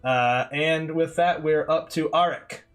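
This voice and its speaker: A man narrating as game master of a tabletop game, animated and laughing as he acts out characters. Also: a little high, a little slow.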